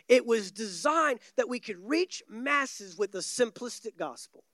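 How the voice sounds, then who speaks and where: A man's voice: very high voice, lively intonation, unhurried, few pauses, bright, forceful tone, no echo. A man preaching a sermon from a church stage, emphatic and repeating key words for stress. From United States.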